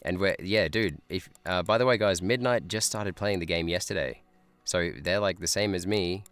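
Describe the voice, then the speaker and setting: A man's voice: sits low, moderate pace, fairly bright tone, clean tone. A man who is a teacher, streaming a guessing game live, thinking aloud in a chatty way and laughing often. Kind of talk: live gameplay chat.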